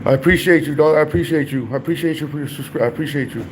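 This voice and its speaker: A man's voice: on the high side, very fast, noisy background. A young man hosting his own livestream, talking in brash, profane, rambling street slang. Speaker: livestream host. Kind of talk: casual livestream banter.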